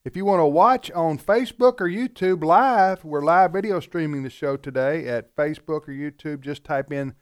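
A man's voice: a little high, normal speed, hardly any pauses, clear, resonant tone, no echo, studio quality. A man hosting a radio talk show and reading promos in an upbeat, announcer-like way. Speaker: radio host.

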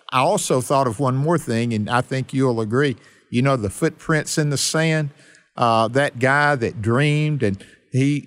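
A man co-hosting a Bible study discussion, telling illustrations in an earnest, storytelling way. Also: medium pitch. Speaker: Bible teacher co-host.

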